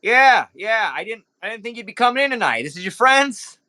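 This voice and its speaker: A man puts on a flamboyant nightclub owner, raised high and bright above his own voice. He schmoozes his guests loudly and showily while a nervous tension runs under his welcome. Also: big pitch swings, a little fast, full character voice. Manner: boisterous, showy host, nervous underneath. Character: flamboyant male club owner in pink tuxedo.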